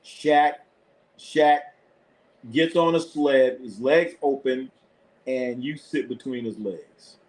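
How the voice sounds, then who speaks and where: A man's voice: mid-range voice, takes it slowly, darkish tone. A man hosting a live sports stream, talking loosely in casual chat, blunt and profane, laughing often. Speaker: sports show host.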